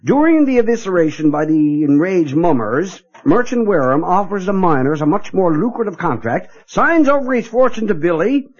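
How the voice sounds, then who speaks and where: A man's voice: sits high, sing-song, moderate pace, few pauses, breathy edge. A man narrating and hosting a comic radio play, with a dry, impatient manner. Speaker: narrator and host. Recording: dull lo-fi radio audio.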